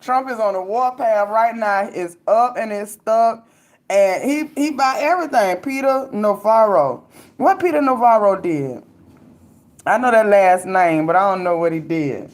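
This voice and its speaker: A woman's voice: medium pitch, lively intonation, a little slow. Young adult woman, chatty casual host, slangy and laugh-prone, mid-range voice. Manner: loose, talkative, laughs often, slangy. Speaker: livestream host reading viewer comments. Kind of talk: casual commentary chat.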